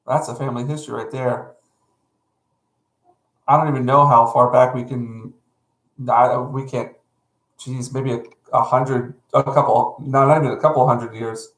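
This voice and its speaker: US man, middle-aged, live streamer, loose and friendly, self-correcting, mid-pitched, roomy echo. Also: fairly even intonation, a little slow, long pauses, a bit bright. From North Carolina, USA. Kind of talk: casual chat with chat viewers. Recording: echoey room.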